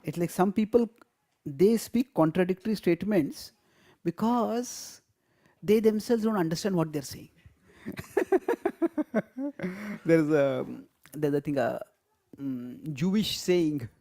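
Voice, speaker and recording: A man's voice: high-pitched, animated, takes it slowly, long pauses, dark tone. A man teaching a live class on scripture, explaining step by step, stressing key words and laughing often. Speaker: spiritual teacher.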